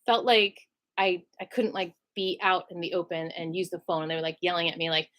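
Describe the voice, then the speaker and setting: A young woman telling a personal story to camera in an emotional vlog, acting out the voices of the people in it. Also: fairly quick. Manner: animated, acts out other people's lines with big pitch jumps.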